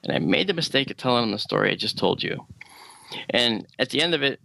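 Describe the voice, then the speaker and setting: A man telling a personal story as a radio show guest, animated and acting out the dialogue. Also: mid-range voice, quick pace, vocal fry, rough recording.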